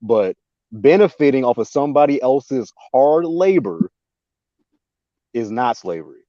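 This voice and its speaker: A man on a casual panel pushes his points emphatically, laughing between them. His mellow voice swings widely in pitch. The audio is dry and muffled, like a lo-fi stream. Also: animated, a little slow, dry recording.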